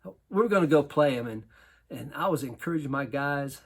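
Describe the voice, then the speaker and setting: Man, basketball coach, storytelling talk, husky voice, animated, laughs a lot. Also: on the high side, moderate pace. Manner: animated, laughs often while telling.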